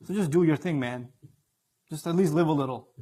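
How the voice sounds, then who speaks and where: A man doing a taunting devil's low coax. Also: brisk, dark tone, lightly acted. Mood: mocking. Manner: coaxing, mocking. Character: taunting male devil whispering despair.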